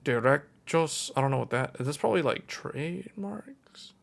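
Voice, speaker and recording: A man's voice: medium pitch, fairly even intonation, fairly quick, gravelly. A man hosting a tech livestream, casually thinking aloud and correcting himself as he goes.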